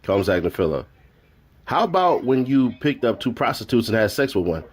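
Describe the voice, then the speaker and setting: A man's voice: medium pitch, big pitch swings, normal speed, breathy edge. A man on a live stream reading courtroom notes aloud, raising his voice for quoted lines and adding joking asides.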